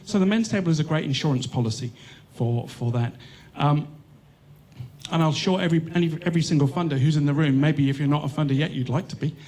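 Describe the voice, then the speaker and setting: A man with an Australian accent giving a speech at an event as a charity co-founder, lively and laughing as he acts out quotes. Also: fairly high pitch, fast. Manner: lively storyteller, acting out quotes with excited laughter. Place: event hall.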